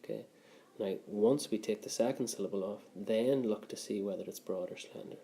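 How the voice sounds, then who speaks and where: A man's voice: lowish voice, moderate pace, dark tone. A man who teaches a grammar lesson patiently, step by step, often checking in with "okay". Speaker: Irish language teacher.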